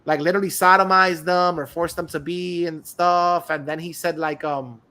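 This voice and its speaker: A young man chats casually on a podcast, his voice high and bright. He tells stories in an animated way, laughs often and acts out the people he quotes. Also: moderate pace, smooth. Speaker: podcast co-host. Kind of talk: casual chat.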